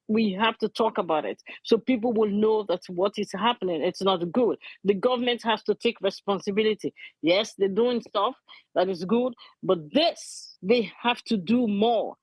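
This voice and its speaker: A woman's voice: mid-range voice, moderate pace, darkish tone, slightly rough, no echo, rough recording. A middle-aged woman, speaking earnestly and emotionally as a community advocate, repeating her key points. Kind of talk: impassioned interview testimony.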